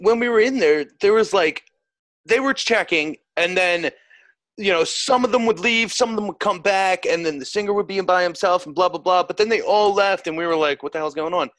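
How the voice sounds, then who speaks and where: A man's voice: high-pitched, normal speed, fairly bright tone, no echo. A man co-hosting a casual chat, chiming in with laid-back agreement. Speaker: podcast co-host, band member.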